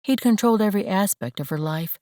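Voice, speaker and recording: A woman narrating a romance audiobook in a measured, gentle storytelling manner, close to the mic. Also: mid-range voice, animated, no echo. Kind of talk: scripted narration.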